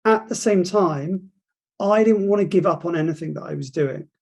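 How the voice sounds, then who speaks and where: This property industry guest speaker, a man in his forties, has a high, creaky, slightly mellow and husky voice at normal speed. Giving a motivational talk to university students, he tells his career story, acting out conversations and frequently restarting his sentences.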